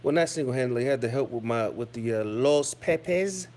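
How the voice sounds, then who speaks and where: A man's voice: medium pitch, animated, a little fast, a little mellow. A man ranting casually to his viewers, profane and insulting, with many fillers and restarts. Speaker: YouTube commentator. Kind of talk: casual rant to camera.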